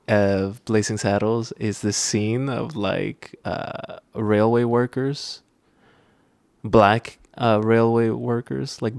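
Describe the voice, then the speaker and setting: A man's voice: on the low side, gravelly, clean tone, no echo. A young man hosting a podcast in casual chat, rambling with lots of fillers and restarts. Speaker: podcast host.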